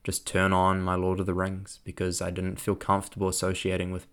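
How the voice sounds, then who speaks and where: A young man telling a personal story in a reflective way, laughing often and filling pauses with lots of ums. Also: sits low, completely flat delivery, fairly bright tone, clear, resonant tone.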